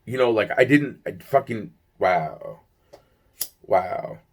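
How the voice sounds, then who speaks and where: Speaking slowly and animatedly in a fairly low voice, a young man rambles through a personal story. He's agitated, swears often, and keeps restarting his sentences and reaching for fillers.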